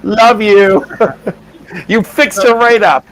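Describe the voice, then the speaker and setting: A woman's voice: mid-range voice, extremely slow, crowd noise, low-quality recording. A woman in a casual chat, telling a story emphatically with exclamations. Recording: faint background noise.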